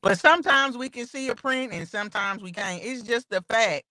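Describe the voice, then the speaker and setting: A woman's voice: on the high side, normal speed, bright, forceful tone, no room sound. A woman co-hosting a podcast in a playful, teasing way, drawing out her words for effect. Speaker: podcast co-host. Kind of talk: casual chat.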